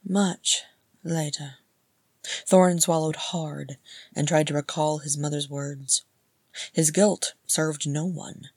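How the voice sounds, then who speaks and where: Gravelly, husky woman narrating a story. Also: sits low, steady tone, slow, warm tone, dry recording, studio quality. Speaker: audiobook narrator. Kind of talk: fan fiction reading.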